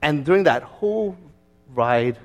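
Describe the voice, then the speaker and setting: A man preaching as a pastor, telling a personal story in a conversational, lively way. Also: on the high side, measured pace. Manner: conversational storytelling, with fillers and restarts; lively, acting out his own past words.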